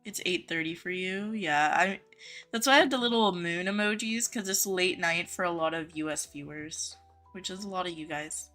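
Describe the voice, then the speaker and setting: A woman's voice: fairly low pitch, moderate pace, fairly bright tone, faint music behind. A young woman live-streaming a game from her home office, reading viewer comments aloud and greeting chatters by name in a friendly, chatty way.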